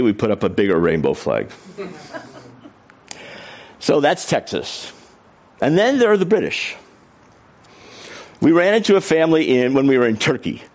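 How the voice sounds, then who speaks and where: A middle-aged man telling a funny story from his travels to a live audience. His pitch swings widely as he acts out the other people in the tale, and his middle-height voice stays conversational. He tells it with a humorous, animated delivery. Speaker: author and speaker.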